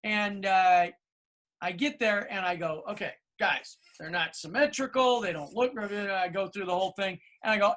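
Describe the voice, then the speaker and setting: A man's voice: high voice, a little fast. A middle-aged man co-hosting a podcast over a video call, telling stories and acting out what others said. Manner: storytelling, animated quoting of others. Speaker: podcast co-host.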